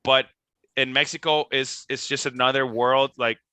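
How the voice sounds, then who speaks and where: Young guy from costa rica, super bright punchy voice, dry close sound, rambling animated storytelling. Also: medium pitch, normal speed, clear, resonant tone, no echo. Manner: animated, swearing, lots of "like" and restarts. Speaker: band member, podcast guest. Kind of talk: casual storytelling.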